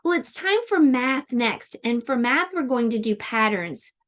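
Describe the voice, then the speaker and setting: A woman teacher leading young children through a lesson, her voice slightly high and swooping up and down. She speaks slowly and clearly, stretching words out as she claps syllables and praises the kids. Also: expressive, fairly bright tone. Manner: slow, sing-song and encouraging, clapping out syllables.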